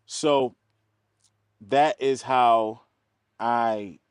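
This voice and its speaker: Man from telling lively stories. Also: medium pitch, extremely slow, clean tone, no room sound, clean studio sound. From East Baltimore, USA. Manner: animated, acts out quoted voices, laughs often. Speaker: film producer, guest. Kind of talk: casual interview storytelling.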